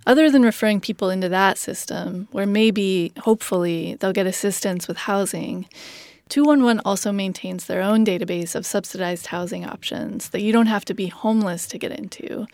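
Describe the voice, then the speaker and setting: A woman reporter narrating a documentary story in a measured, plain storytelling manner. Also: mid-range voice, a little mellow, dry recording, studio quality.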